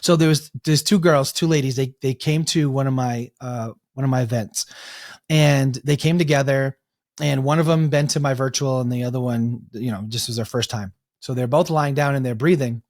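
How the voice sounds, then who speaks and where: A man telling animated stories as an interview guest, acting out the people he quotes. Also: mid-range voice, moderate pace, no echo, clean studio sound. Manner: animated storyteller, restarts and acts out quotes. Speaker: guest, breathwork coach. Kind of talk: storytelling in an interview.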